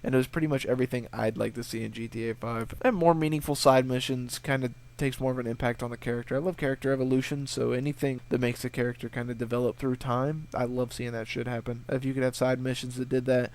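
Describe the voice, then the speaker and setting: A young man chats casually through viewer questions in a vlog. He rambles and curses as he tells his stories. His voice sits at an ordinary middle pitch. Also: steady tone, fast, few pauses, a little mellow. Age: young adult. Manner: profane, rambling storyteller who acts out voices. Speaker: gaming video creator.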